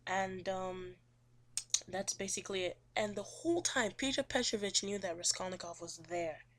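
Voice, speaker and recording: A woman's voice: medium pitch, normal speed, slight background noise. A young woman casually recapping a chapter of a novel, rambling with lots of ums and acting out the characters' lines. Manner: chatty, rambling, full of ums, acts out quotes. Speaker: student summarizing a novel.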